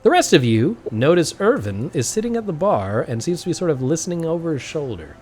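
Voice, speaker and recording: A man's voice: fairly high pitch, big pitch swings, a little fast, a little mellow, slight background noise. A man running a tabletop game as game master, narrating and laughing often.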